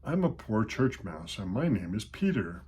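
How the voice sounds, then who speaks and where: A friendly young kitten with a lifted, husky voice, gentle and curious, full of sympathy, as an older man puts him on. A soft storybook cat who admires and wants to help. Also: fairly low pitch, big pitch swings, normal speed, heavily acted.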